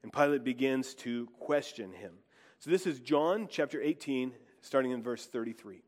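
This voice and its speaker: A man's voice: medium pitch, lively intonation, moderate pace, long reverb tail. A man preaching in a church, guiding his congregation in a conversational way. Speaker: pastor. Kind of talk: sermon.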